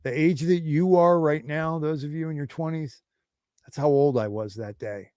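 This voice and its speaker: A man in his forties hosting a livestream, telling a rambling, profane story in a casual, animated way. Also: fairly high pitch, moderate pace, dry recording, clean studio sound. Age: 40s. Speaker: livestream host.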